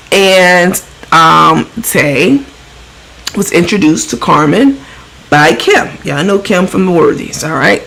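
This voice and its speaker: A woman hosts a casual gossip show with a bright, forceful voice. She is blunt and profane, mocking the people she discusses and slipping into imitations of them. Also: lowish voice, slight background noise, low-quality recording. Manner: mimics the people she talks about. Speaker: show host.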